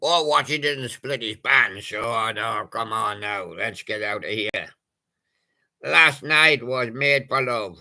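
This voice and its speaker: A man's voice: medium pitch, takes it slowly, sharp tone. A man, possibly older, doing playful, punning oldies radio patter and breaking into snatches of old songs. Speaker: radio presenter.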